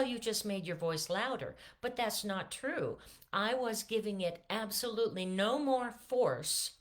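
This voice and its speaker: Chatty woman voice teacher, not warmed up. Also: medium pitch. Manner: relaxed, chatty, many fillers and restarts. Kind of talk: casual vocal lesson with sung demonstrations.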